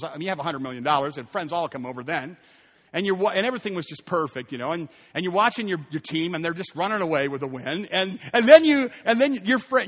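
A man delivers a sermon in a church. His voice sits high, and he tells his stories in an animated way, acting out the people in them. A long hall reverb trails after every phrase. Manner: animated storytelling, voices quoted characters. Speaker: pastor. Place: church sanctuary.

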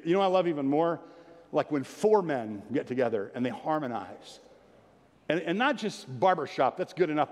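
A man preaching a sermon, reading scripture and telling playful stories with sudden loud bursts of excitement. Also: fairly high pitch. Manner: animated, playful storytelling with sudden loud outbursts. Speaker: pastor. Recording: long hall reverb.

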